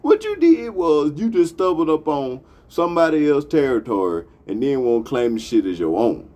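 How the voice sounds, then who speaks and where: Animated, heated man ranting as a host. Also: fairly low pitch, unhurried, hardly any pauses, husky. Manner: profane, heated, emphatic. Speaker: podcast host. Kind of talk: impassioned monologue.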